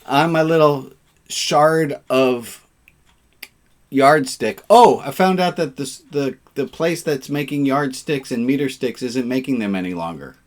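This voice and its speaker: A man's voice: medium pitch, expressive, a little slow. A man leading an informal online service as rabbi, chatting and cracking puns with his congregation over a video call. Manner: jovial, punning, chatty with the congregation.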